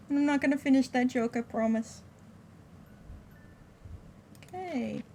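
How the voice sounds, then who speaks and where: A woman's voice: high voice, fairly quick, hardly any pauses, noisy background. Wisecracking woman streaming a horror game. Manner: expressive, wisecracking, reads aloud. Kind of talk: casual live gameplay commentary.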